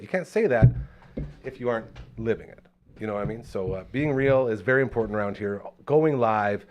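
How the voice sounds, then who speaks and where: A man hosting a live local talk show with energetic, hype delivery, from Canada. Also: mid-range voice. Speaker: host.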